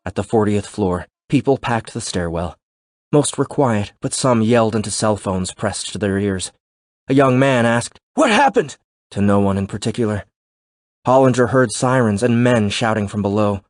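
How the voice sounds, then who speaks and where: Brief: male narrator, low voice, steady scripted delivery, dry close sound. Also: normal speed, no echo. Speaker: audiobook narrator.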